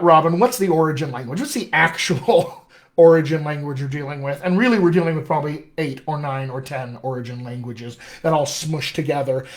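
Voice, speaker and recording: Brief: American man, dialect coach, upbeat live Q&A, voice on the high side. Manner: chatty, enthusiastic, reads out viewer questions. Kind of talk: live-stream Q&A lesson.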